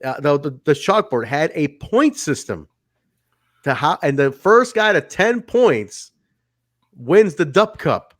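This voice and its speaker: A man with a fairly high voice speaks slowly on a clean studio recording with no room sound. He co-hosts a casual wrestling review podcast, animated and laughing often as he acts out what the wrestlers said.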